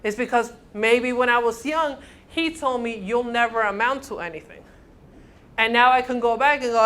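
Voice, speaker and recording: Animated woman teaching a counseling class. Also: fairly high pitch, moderate pace. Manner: animated, acts out little dialogues, checks in with "okay?". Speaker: counseling instructor. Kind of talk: classroom lecture.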